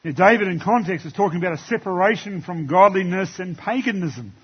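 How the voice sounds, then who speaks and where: Husky-voiced male pastor preaching. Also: high voice, animated, a little fast, lo-fi sound. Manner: conversational preaching, quoting scripture. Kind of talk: sermon. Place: church.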